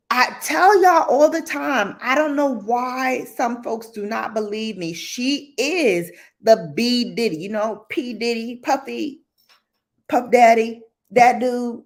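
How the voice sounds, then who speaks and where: A woman hosting a casual storytime livestream, animated and laughing often, acting out quotes. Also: a little high, takes it slowly. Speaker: livestream host.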